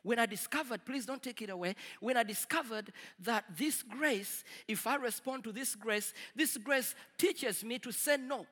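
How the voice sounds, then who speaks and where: A man preaching a sermon to a congregation, swinging from loud declarations to quiet asides. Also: extremely high pitch, normal speed, hardly any pauses, slightly rough, long reverb tail. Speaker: pastor.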